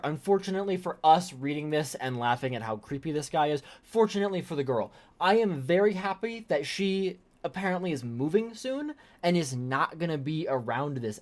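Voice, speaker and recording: An exasperated online commentator reacting to a string of messages, incredulous and appalled. The speech stumbles through ums and restarts and jumps between flat disbelief and sudden outbursts. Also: mid-range voice.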